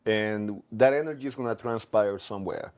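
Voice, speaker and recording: A Latino comedian guest with a low, darkish, clean-toned voice talks casually about his life in comedy before launching into a stand-up set. His speech is halting, with many restarts and fillers.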